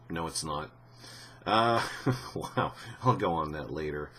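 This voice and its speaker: Husky-voiced man rambling through blunt gaming commentary. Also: very deep voice, lively intonation, takes it slowly, long pauses, pushed and bright. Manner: rambling, frequent restarts, blunt and swearing. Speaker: YouTuber commenting on gaming news. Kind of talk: casual commentary.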